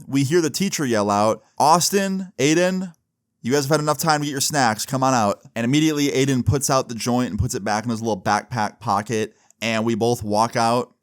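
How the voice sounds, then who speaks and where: A young man casually telling a childhood story, animated and chatty, acting out the quoted lines. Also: mid-range voice.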